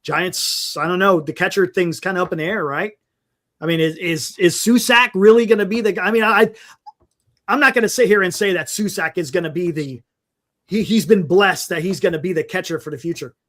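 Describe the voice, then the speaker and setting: High-voiced man rambling on a sports livestream. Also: fairly quick, fairly bright tone. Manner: rambling, thinks aloud, reads names off a list. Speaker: sports talk livestream host. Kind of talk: casual sports talk. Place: home livestream setup. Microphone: desktop mic on a live stream.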